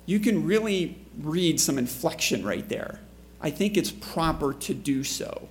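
A man's voice: on the high side, lively intonation, measured pace. A man preaching a conversational sermon to a congregation in church, often asking the listeners questions. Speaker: pastor.

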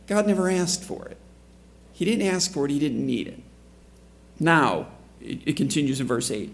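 A man's voice: fairly high pitch, animated, moderate pace, creaky. A man preaching a conversational sermon to a congregation in church, often asking the listeners questions. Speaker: pastor.

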